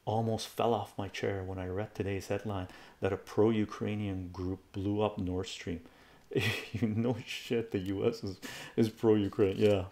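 A man's voice: fairly low pitch, little pitch movement, measured pace, darkish tone. A man giving a blunt, profane, heated rant in a casual live stream, talking to his chat.

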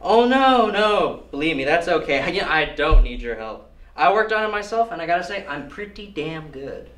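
A man playing Joey, cocky and high-voiced. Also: big pitch swings, moderate pace, fairly bright tone. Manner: boastful, mangles French. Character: cocky struggling male actor, cheerful. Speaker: actor in a student film. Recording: echoey room from far off.

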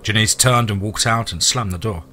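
A man reading a horror story aloud, in a steady storytelling manner. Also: fairly low pitch, moderate pace, slight background noise. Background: faint music.

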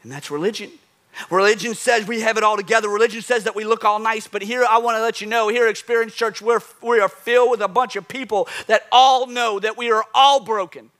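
A man preaching a sermon as pastor, animated, telling stories and acting out asides and call-outs to the crowd. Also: sits high, brisk.

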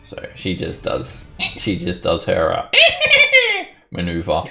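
A man's voice: deep voice, flat delivery, measured pace, creaky, faint music behind. A man running a tabletop game as game master, narrating casually with chuckles and fillers.

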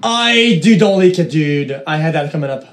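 A man from Canada, a streamer, chatting casually while gaming, excitable and swearing with shouty outbursts. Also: fairly high pitch, fairly quick. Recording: roomy echo.

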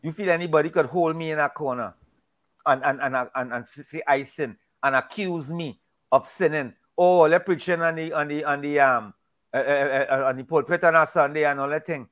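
A man's voice: a little high, a little fast, fairly bright tone. A man in a casual Bible discussion, talking emphatically and preachily, often repeating and restarting his words.

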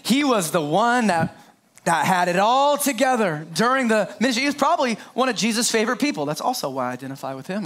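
A middle-aged man preaching an Easter sermon in a high voice. He speaks straight to the congregation and often breaks off into playful jokes. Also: very animated, fast, a bit bright, slight background noise. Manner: playful, joking asides, talks straight to the congregation. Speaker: pastor.

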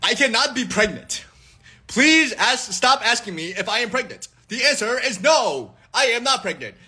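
A young man in his twenties talks live to his viewers, rambling and joking, and he keeps restarting his sentences. His voice sits fairly high and sounds bright. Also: sing-song, moderate pace, husky. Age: 20s. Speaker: livestream host. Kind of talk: casual live stream chat. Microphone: phone livestream.

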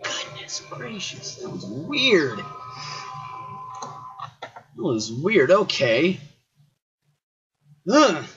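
Excitable man yelling through a horror game. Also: mid-range voice, husky, muffled recording. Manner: excitable, yells at the characters, swaps swears for silly words. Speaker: gaming YouTuber. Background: game music.

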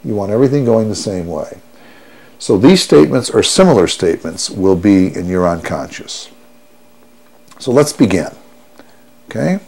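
A man guiding a listener through a hypnosis session, speaking in a soothing, unhurried way and repeating each affirmation. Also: lowish voice, very animated, creaky, a little mellow, slightly rough. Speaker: stop-smoking hypnotherapist.

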